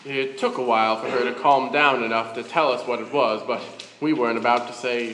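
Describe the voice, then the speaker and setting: A man's voice: mid-range voice, moderate pace, a bit bright. A man narrating a church pageant in an easygoing, wry storytelling manner. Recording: echoey church hall, reverb.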